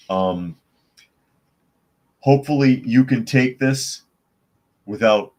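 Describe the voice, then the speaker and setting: Brief: low-pitched male podcast host, sarcastic and indignant, reacting to headlines and chat. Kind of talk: live news commentary, reading chat.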